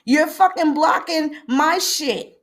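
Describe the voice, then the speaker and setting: Speaking slowly in a high-pitched voice, a female livestream host delivers an emphatic, profanity-heavy rant while welcoming viewers by name.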